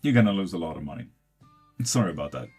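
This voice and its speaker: Man, low husky voice, blunt casual tarot streamer, faint guitar music. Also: animated, fast talker, a little mellow. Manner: blunt, swears freely, laughs often.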